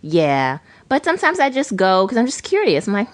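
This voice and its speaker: A woman co-hosting a casual chat podcast, telling stories with animated acted-out quotes. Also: mid-range voice, fairly quick, dry recording. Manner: animated storytelling, acts out quoted voices. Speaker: podcast co-host.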